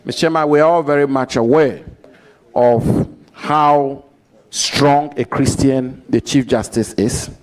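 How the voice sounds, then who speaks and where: A man questioning a nominee at a formal parliamentary hearing, deliberately quoting the record and repeating his points for emphasis. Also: mid-range voice, fairly even intonation, rough recording. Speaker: committee member questioning a nominee.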